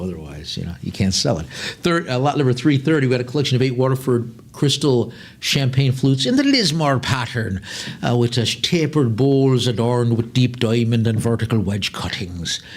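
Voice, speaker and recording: A man's voice: mid-range voice, lively intonation, normal speed. A man working as an auctioneer at a live online sale, rattling off bid calls and tossing in chatty jokes between lots.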